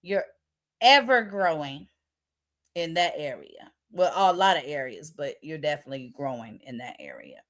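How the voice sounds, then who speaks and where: A woman hosting a casual livestream chat. She reads viewer comments aloud and answers them in relaxed, colloquial slang. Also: sits low, normal speed. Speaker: livestream host.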